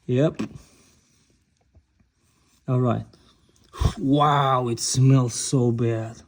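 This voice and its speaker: Slow, mellow-voiced man fixing his car. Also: mid-range voice. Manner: chatty, exclaims at what he finds, addresses viewers as guys; mentions having a non-native accent. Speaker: DIY car repair vlogger. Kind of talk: casual how-to narration while working. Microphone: phone recording nearby.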